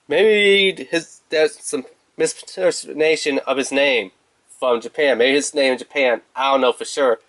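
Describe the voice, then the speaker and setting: A man's voice: medium pitch, a bit bright. A man casually reviewing a toy in a rambling, playful, chatty way.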